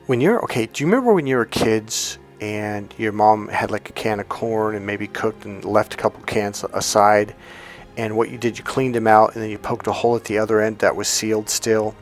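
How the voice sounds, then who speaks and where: A man's voice: on the low side, moderate pace, faint music behind. A man, a relationship and communication coach, giving a motivational teaching talk and acting out quoted voices as he tells stories. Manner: animated storyteller, acts out quoted voices.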